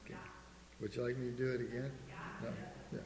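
A man's voice: medium pitch, level tone, quick pace, crowd noise. A man preaching a sermon to a church congregation, calling out for amens and quoting King James scripture. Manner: calls for amens and quotes scripture in old King James wording. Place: church sanctuary. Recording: echoey church hall reverb.

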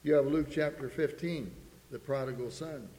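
A man's voice: mid-range voice, normal speed, warm tone. A man preaching a sermon, earnestly reading scripture aloud to a congregation in a church. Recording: echoey hall with faint hum.

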